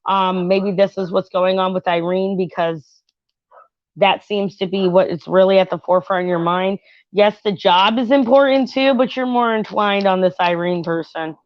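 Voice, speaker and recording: A chatty woman giving a tarot reading at home, talking in a rambling way with fillers and frequent asides to her viewers. Her voice sits at an ordinary middle pitch. The recording is dry and a little dull and lo-fi. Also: moderate pace, dry recording. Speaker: tarot reader and channel host. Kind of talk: casual tarot reading chat with reality TV commentary.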